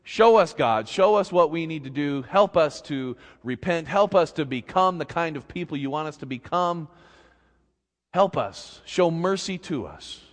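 A man's voice: a little high, animated, unhurried. Man doing a begging repentant king. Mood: pleading. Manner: earnest, begging. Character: pleading repentant male ancient king. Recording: long reverb in a big hall.

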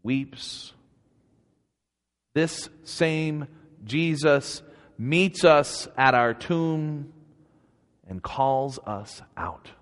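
Slow, earnest preacher man in a reverberant hall. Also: on the high side. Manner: slow, earnest, conversational preaching with rising emphatic peaks. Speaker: pastor. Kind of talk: sermon. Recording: long reverb of a church hall.

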